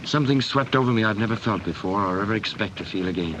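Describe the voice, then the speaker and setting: An actor playing a bold, smooth-talking suitor. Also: male voice, on the low side, quick pace, dull audio, lightly acted. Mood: earnest. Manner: earnest, persuasive romantic talk. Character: bold, smooth-talking young man courting a singer. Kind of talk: 1930s film acting. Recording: hissy old 1930s film soundtrack.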